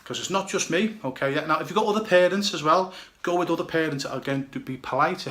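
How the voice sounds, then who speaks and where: A man's voice: fairly high pitch, fast, bright, forceful tone, reverberant. A blunt, emphatic man with a British accent, a goalkeeper coach giving direct advice and often checking "okay, yeah?". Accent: British English.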